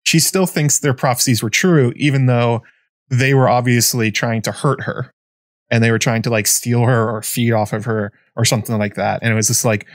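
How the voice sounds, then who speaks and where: A man hosting a podcast, chatting casually in a rambling, halting way full of fillers and restarts. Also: medium pitch, steady tone, dry recording, studio quality. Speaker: podcast host. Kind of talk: casual chat.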